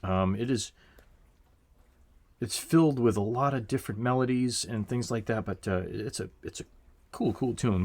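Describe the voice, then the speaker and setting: A man giving a casual, reflective album review, unhurried and full of fillers, swearing now and then. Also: fairly low pitch. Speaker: music reviewer.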